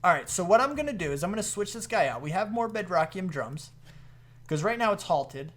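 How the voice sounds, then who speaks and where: Excitable gamer man, lively pitch. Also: fairly quick, slight background noise. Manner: excitable, jumps to high exclaims, laughs often. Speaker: gaming video host. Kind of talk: casual gameplay commentary.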